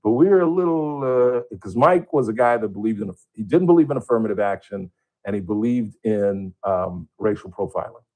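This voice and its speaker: A man hosting a radio show, telling a story from his own working life in a casual, animated way and acting out his own outbursts. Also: normal speed. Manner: animated, acts out his own outbursts with big pitch jumps. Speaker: radio host. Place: radio studio.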